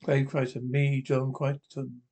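A man voicing a primitive male caveman clone with slow, halting speech. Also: mid-range voice, completely flat delivery, vocal fry, dark tone.

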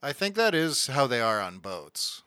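A laid-back man with a bright, forward voice, chiming in with dry side comments as he and his co-host go over a cartoon episode. The sound is close-miked and dry. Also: mid-range voice, sing-song, moderate pace, clear, resonant tone, no echo. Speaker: podcast co-host. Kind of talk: casual chat recapping a cartoon episode.

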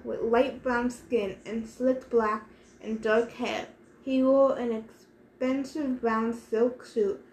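Lady reading a book out loud, bit high voice, echoey room w faint hiss. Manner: steady first-person narration. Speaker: reader. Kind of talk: reading a novel aloud.

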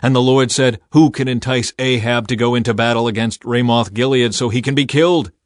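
A defiant ancient prophet speaks his warnings in a solemn, unyielding voice, read by a man. The pitch is medium, and the recording is dry with no room sound. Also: steady tone, fairly quick, no room sound, lightly acted.

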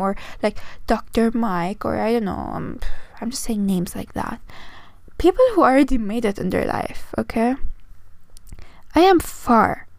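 This gravelly, somewhat high, slightly mellow voice belongs to a woman of twenty who speaks English with a non-native accent. Running a laid-back solo podcast, she comes across weary and meandering, mocks herself, starts over mid-thought and keeps asking "okay?" in a dry, echo-free recording.

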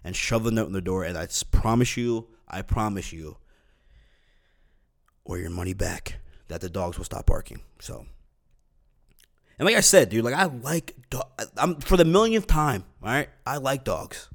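A man's voice: fairly low pitch, sing-song, moderate pace. A young man hosting a podcast alone, rambling casually with lots of fillers, restarts and swearing. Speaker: podcast host. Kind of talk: casual solo podcast rant.

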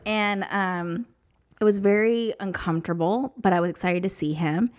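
Woman, podcast guest, casual storytelling, emotional, rambling, lots of fillers, middle pitch. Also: normal speed.

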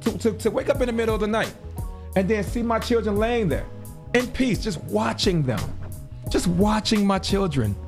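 A man's voice: sits high, expressive, normal speed, darkish tone, soft background music. A man hosting a show, talking in a casual, rambling monologue that repeats words and breaks into laughs. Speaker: podcast host.

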